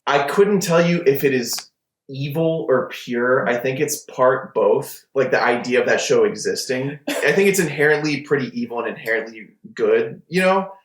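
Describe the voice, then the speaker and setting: A man's voice: medium pitch, expressive, moderate pace. Casual joking man in a roomy room. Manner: joking, rambling, swears casually. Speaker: podcast co-host. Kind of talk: casual chat.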